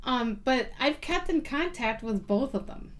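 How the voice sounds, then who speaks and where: A woman's voice: high-pitched, animated, unhurried. A woman guest on a podcast, chatting casually and telling stories with lots of ums and likes, laughing easily. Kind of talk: casual chat.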